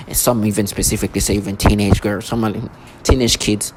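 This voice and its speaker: A man's voice: on the low side, little pitch movement, quick pace. A man in an angry vlog monologue, ranting and agitated, stumbling over restarts. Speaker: vlogger. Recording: noisy recording.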